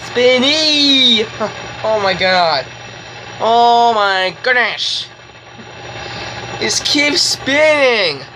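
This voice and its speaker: A woman's voice: on the high side, lively intonation, extremely slow, pauses often, background noise. A woman vlogging a toy review, gushing and giggling as she repeats exclamations over and over. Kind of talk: excited toy review vlog.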